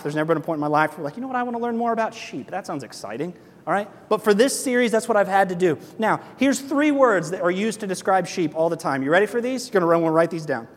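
A young adult man preaching a sermon as pastor, energetic and conversational, full of rhetorical questions. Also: sits high, in a large hall.

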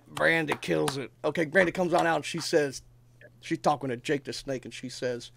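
A man's voice: fairly high pitch, moderate pace, gravelly, slight background noise. A man in his thirties co-hosting a casual chat, talking emphatically, swearing and telling stories with energy. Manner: emphatic, swearing, animated storytelling. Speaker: podcast co-host.

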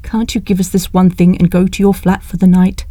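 A woman's voice: fairly low pitch, flat delivery, a little fast, warm tone, dry recording, clean studio sound, lightly acted. A woman voicing a stern, guarded middle-aged uncle with clipped, tense lines.

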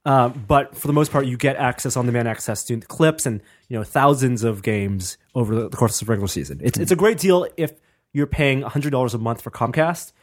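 A man's voice: mid-range voice, brisk. A man co-hosting a tech podcast, explaining things in a matter-of-fact way in casual chat. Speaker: podcast co-host.

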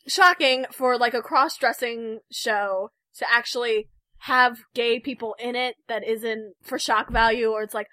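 A young woman co-hosting a casual podcast with a high, bright voice. She chats in an animated way and laughs often. The sound is dry and close. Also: measured pace, no echo. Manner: chatty, laughing, animated retelling. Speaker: podcast co-host.

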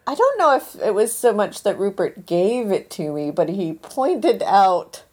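Woman, co-host, casual chat, wry, mellow husky voice. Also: medium pitch, very animated, unhurried. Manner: wry, self-mocking. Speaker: radio show co-host.

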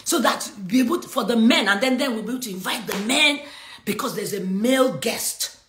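A woman's voice: a little high, expressive, brisk, a bit bright, reverberant, a little hiss or hum. A middle-aged woman preaching a sermon on a livestream, reading scripture and making emphatic points with laughter between them.

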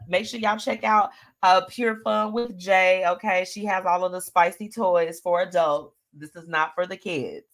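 Lively chatty woman hosting a live show. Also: on the low side, normal speed. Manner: animated, chatty, laughs often, reads comments aloud. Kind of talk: casual live-stream chat with viewers.

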